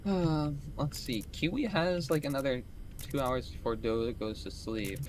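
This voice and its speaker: A man's voice: mid-range voice, moderate pace, a little hiss or hum. A young man chatting casually during a game stream, rambling, swearing and laughing often. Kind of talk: casual gaming stream chat.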